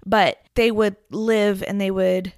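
A woman's voice: medium pitch, slow pace, no room sound. Chatty woman podcast host, dry sound. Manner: chatty, laughs often, lively retelling. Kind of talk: casual storytelling chat.

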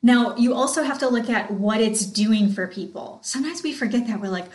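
A woman in her thirties, hosting a podcast and coaching on sales in an excited, chatty way, talking straight to her listeners. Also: fairly high pitch, brisk, hardly any pauses, echoey room. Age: 30s. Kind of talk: casual motivational talk.

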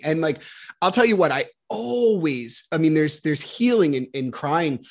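A man's voice: a little high, expressive, normal speed, slightly rough. A man hosting a podcast, talking loosely and candidly, swearing casually and often restarting. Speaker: podcast host. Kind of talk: casual interview chat.

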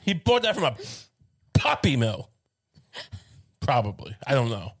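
A man's voice: mid-range voice, wildly swooping pitch, measured pace, breathy edge. A man co-hosting a casual comedic chat, ranting in long rambling runs with stammered restarts. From United States.

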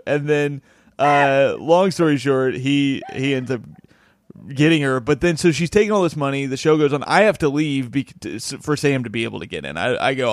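Higher-voiced man spinning a comedy anecdote. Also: moderate pace, dry recording, studio quality. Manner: rambling anecdotal telling, acting out quotes. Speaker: stand-up comedian. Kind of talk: casual podcast storytelling.

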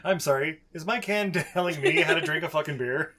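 A man's voice: on the high side, brisk, over a noisy crowd. A man co-hosting a podcast, chatting casually and laughing often. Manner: laughing, animated banter. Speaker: podcast co-host. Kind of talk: casual chat.

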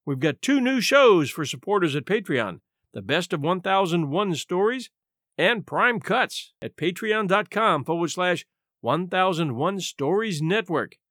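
A man's voice: high-pitched, sing-song, a bit bright, no room sound, studio quality. A man narrating a classic short story as host of a story podcast. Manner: measured storytelling.

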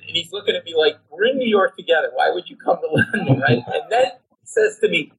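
A middle-aged comedian telling a comic anecdote on a talk show, animated, acting out voices and his own panic. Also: on the high side, a little fast, husky, rough recording. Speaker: comedian guest.

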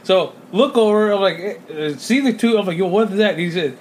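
A young American man co-hosting a casual podcast, telling a story in an animated way, swearing often and acting out what people said. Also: sits high, brisk, a little hiss or hum. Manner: animated storyteller, swears a lot, acts out quotes. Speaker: podcast co-host.

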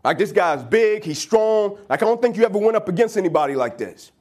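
A man's voice: high voice, animated, fairly quick, a little mellow, voice pushed down. A man voicing a nervous, hesitant soldier. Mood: uneasy. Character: nervous male soldier warning his hero.

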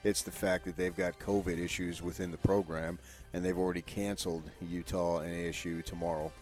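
A man's voice: low voice, little pitch movement, a little fast, darkish tone, soft background music. A man co-hosting a sports talk show, opinionated and rambling as he gives his takes. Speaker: sports radio co-host.

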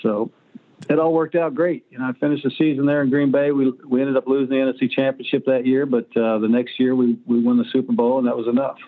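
A fast-talking former pro quarterback in his sixties delivers crude, blunt anecdotes with acted-out quotes as an interview guest. The voice is medium-pitched and flat, coming through a phone-like line.

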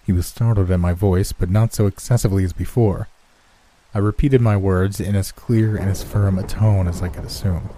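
A man reading a horror story as scripted first-person narration in a measured, steady way. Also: low voice, slight background noise.

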